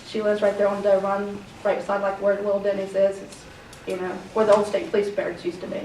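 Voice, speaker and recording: A woman's voice: mid-range voice, completely flat delivery, fast talker, darkish tone. This is a woman giving public comment at a county meeting. She wanders through her account with plenty of ums and quoted back-and-forth. Her voice carries from a distance in an echoey room, with a faint hum behind it. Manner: rambling, many fillers, acts out quoted dialogue.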